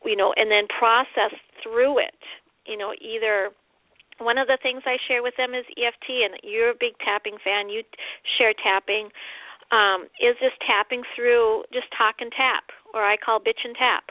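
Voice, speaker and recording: A woman's voice: a little high, steady tone, no room sound. Woman talking over a tinny phone line. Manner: earnest, halting, many fillers and restarts. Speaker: guest. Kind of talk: radio interview.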